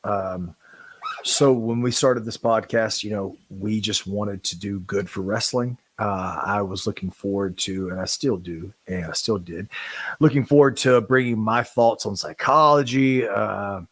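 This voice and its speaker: Brief: man, lower voice, a bit husky, dry close sound, earnest and halting podcast apology. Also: a bit bright, no echo. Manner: earnest, halting, with many restarts. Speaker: podcast co-host. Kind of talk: emotional podcast statement.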